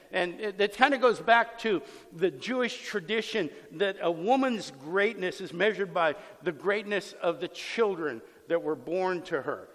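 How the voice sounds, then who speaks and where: A man's voice: high-pitched, sharp tone. A man preaching a sermon as pastor, conversational and emphatic, acting out the scenes he explains, in a long hall reverb.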